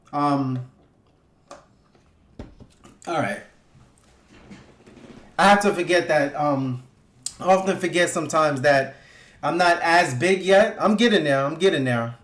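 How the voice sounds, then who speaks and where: A man's voice: a little high, fairly bright tone. A man hosting a casual livestream, talking loosely and profanely with his viewers and hyping them up. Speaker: livestream host. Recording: echoey room.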